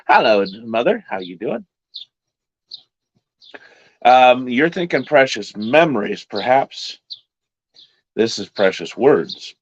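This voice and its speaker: A man hosting an online Bible study, chatting slowly and casually between hymns from home. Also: mid-range voice, big pitch swings, no echo. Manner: slow, chatty, drawn-out speech. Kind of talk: casual live-stream chat and hymn singing. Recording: dull lo-fi stream audio.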